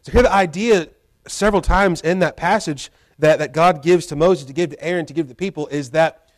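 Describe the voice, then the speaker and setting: A man's voice: a little high, fairly quick. A man preaching a sermon from the pulpit, talking conversationally with restarts and voicing quoted prayers in a pleading tone. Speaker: pastor.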